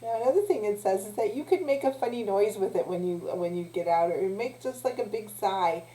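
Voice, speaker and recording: Gentle woman teaching kids in an echoey room. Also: mid-range voice, a little hiss or hum. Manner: gentle, encouraging, with pauses and restarts. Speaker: youth teacher. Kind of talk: children's lesson, guided breathing.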